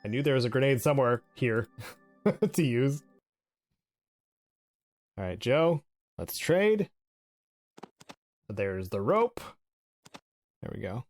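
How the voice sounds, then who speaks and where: A man's voice: medium pitch, lively intonation, takes it slowly, long pauses, darkish tone, soft background music. A man giving casual game commentary, chatty and giggly, often restarting his sentences. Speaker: let's play host.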